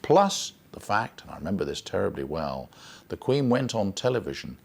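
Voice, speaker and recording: A man's voice: low-pitched, big pitch swings, normal speed, vocal fry. A man interviewed for a documentary, recalling events in a reflective, emphatic way. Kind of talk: interview recollection.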